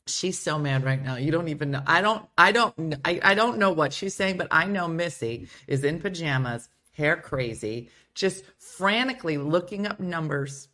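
A woman hosts a casual livestream from her home, playfully reading out and riffing on viewer comments. Her voice sits a little low but has a bright, forceful edge, and it swoops widely up and down as she talks. She keeps the chat loose and joking. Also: expressive, moderate pace, few pauses. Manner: playful, reads viewer comments aloud and riffs on them. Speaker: show host.

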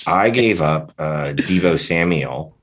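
Male co-host, extremely low voice, relaxed and halting delivery. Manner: laid-back, hesitant, many fillers. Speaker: fantasy football podcast co-host. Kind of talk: casual chat.

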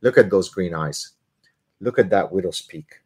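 A man hosting a live question-and-answer stream, talking in an animated, opinionated way with joking asides. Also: deep voice, normal speed, a little hiss or hum. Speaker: host answering viewer questions.

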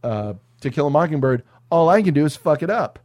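A man co-hosting a podcast, chatting casually about movies, animated and swearing freely. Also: fairly high pitch, brisk, dry recording, studio quality. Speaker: podcast co-host.

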